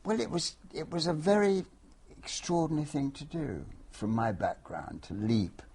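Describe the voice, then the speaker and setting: A man's voice: on the high side, lively intonation, moderate pace, vocal fry, a little mellow, slightly rough. A man in his eighties from London, a veteran actor answering interview questions in a wry, hesitant way with many restarts. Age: 80s.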